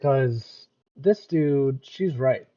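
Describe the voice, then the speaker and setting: Brief: American guy, reaction streamer, halting thinking-out-loud delivery, a bit dull lo-fi mic. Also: medium pitch. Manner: hesitant, restarts and repeats words. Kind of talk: casual commentary.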